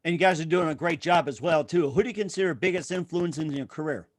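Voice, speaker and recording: Quick upbeat male show host. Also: on the high side, no room sound, clean studio sound. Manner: quick, upbeat, rehearsed-sounding. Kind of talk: interview hosting.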